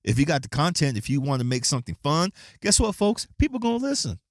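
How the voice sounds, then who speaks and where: A man hosting his own podcast, talking in a profane, animated rant and acting out the people in his stories. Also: on the high side, fast, no room sound, clean studio sound. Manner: profane, animated storytelling with quoted voices. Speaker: podcast host. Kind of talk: casual solo podcast rant.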